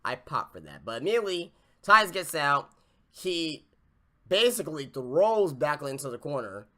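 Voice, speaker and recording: Male podcast host, ranting review, cursing freely, bright voice, lively pitch swings. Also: normal speed. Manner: profane, exasperated ranting. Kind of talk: casual wrestling review rant.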